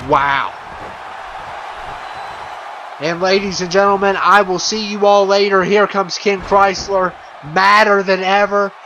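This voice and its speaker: Excitable high-voiced man calling game wrestling. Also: slow pace, long pauses, lo-fi sound, some chatter behind, slight background noise. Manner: excitable, chuckling, many fillers and restarts. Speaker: video game commentator. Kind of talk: playful wrestling commentary over gameplay.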